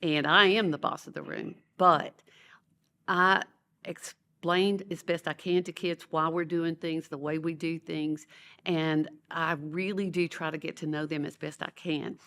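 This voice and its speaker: An older woman with a drawl tells classroom stories with real animation. She slips into the voices of the people she quotes, and her voice sits low for a woman. It is a relaxed, conversational podcast interview. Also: measured pace. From Louisiana, USA. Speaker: educator and author, guest. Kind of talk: conversational storytelling.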